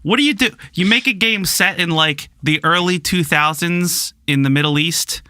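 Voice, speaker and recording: A man co-hosting a casual podcast chat, ranting in a profane and animated way. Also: sits high, moderate pace, clean tone, dry recording, clean studio sound. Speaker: podcast co-host.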